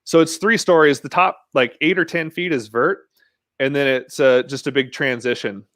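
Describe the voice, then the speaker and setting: A man's voice: mid-range voice, normal speed, a bit bright, dry recording, clean studio sound. A man telling stories as a podcast guest in a laid-back, casual way, with frequent fillers. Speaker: podcast guest, mountain bike rider. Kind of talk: casual interview chat.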